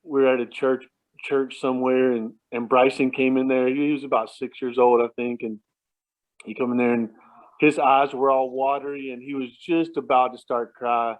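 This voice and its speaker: A man's voice: mid-range voice, level tone, normal speed. Guy telling family stories over the phone, chuckles a lot, trips over his words, sounds tinny like a phone line. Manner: rambling, chuckles often, many restarts. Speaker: relative sharing memories at a family remembrance. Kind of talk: casual anecdotal storytelling. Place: at home at night.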